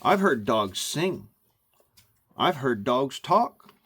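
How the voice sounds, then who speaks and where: A man's voice: mid-range voice, sing-song, very slow, fairly bright tone, breathy edge. A man ranting into the camera for his vlog, emphatic and meandering, often repeating himself. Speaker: vlogger. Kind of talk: rambling rant to camera.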